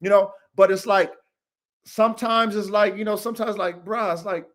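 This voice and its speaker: On a live stream mic, this podcast host and dog breeder delivers a blunt, profanity-laced rant, working himself up and saying things over again. His voice is high-pitched and fairly bright, with a steady tone and moderate pace.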